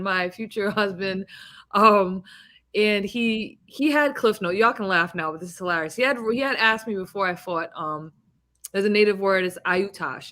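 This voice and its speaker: Lively woman boxer telling stories. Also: medium pitch. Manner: animated storyteller, laughs and swears freely. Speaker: boxing champion guest. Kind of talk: casual interview chat.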